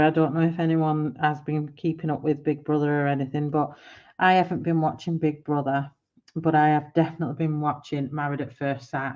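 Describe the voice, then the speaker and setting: A woman's voice: low voice, a little mellow, highs cut off. A woman in her forties chatting casually on a live stream while she colours, rambling and laughing often. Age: 40s. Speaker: art livestreamer.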